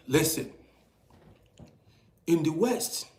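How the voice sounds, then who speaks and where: A man's voice: fairly high pitch, very animated, very slow, a little mellow. A man with a Nigerian accent giving an emphatic, ranting commentary to his viewers, firing off rhetorical questions again and again. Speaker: vlogger. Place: indoors in Europe. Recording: roomy echoey room sound.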